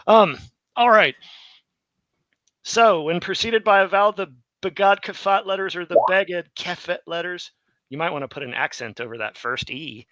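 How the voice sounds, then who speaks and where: A man's voice: high-pitched, normal speed, pushed and bright, no echo, dull audio. A tired man hosting a live online Hebrew lesson and explaining grammar in a rambling way that corrects itself as he goes. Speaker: Hebrew teacher and stream host. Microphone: streaming mic.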